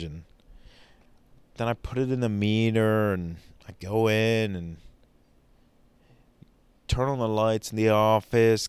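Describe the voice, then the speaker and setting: Man with a low smooth voice ranting comedy bits, dry close sound. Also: dry recording. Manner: ranting, asks the audience questions, exaggerated. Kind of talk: rambling comic monologue.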